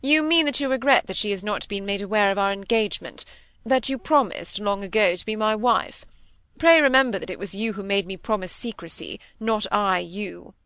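Woman reading a cold, sneering gentleman. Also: mid-range voice, normal speed, smooth, no echo, lightly acted.

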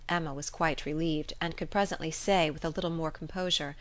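A woman narrating a classic novel in an even, measured reading. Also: low voice. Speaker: audiobook narrator. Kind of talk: scripted narration.

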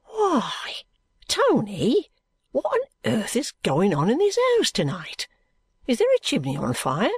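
A woman reading aloud and voicing an anxious young male law clerk who talks in a nervy, hushed, conspiratorial way. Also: fairly low pitch, big pitch swings, a little slow, dry recording, clean studio sound, pitched above the performer's own voice, exaggerated voice. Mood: alarmed.

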